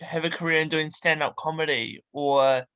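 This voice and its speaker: A man hosting a casual interview podcast, relaxed with short affirming replies. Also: fairly high pitch, moderate pace, smooth. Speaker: podcast host.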